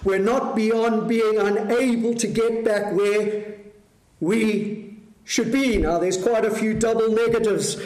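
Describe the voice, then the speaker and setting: A man preaching a sermon, measured and full of rhetorical questions to the congregation. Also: high-pitched, fairly even intonation, darkish tone, reverberant.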